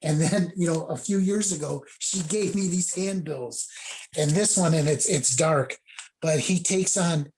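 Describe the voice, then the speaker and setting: A man's voice: on the high side, measured pace, a little mellow, a little hiss or hum. A middle-aged man, a judo sensei, telling rambling stories casually on a video call. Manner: rambling anecdotes with laughs and acted quotes.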